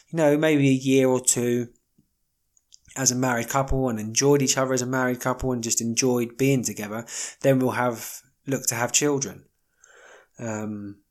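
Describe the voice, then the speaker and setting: Male solo podcast host, mid-pitched voice, rambling and wry, lots of fillers. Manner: rambling, wry, jokey asides with many fillers. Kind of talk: casual solo monologue.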